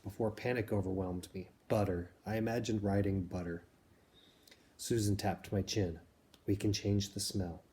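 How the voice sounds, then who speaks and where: A man reading a novel aloud in a measured, plain way, pausing to explain the story to listeners. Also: on the low side, warm tone. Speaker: reader.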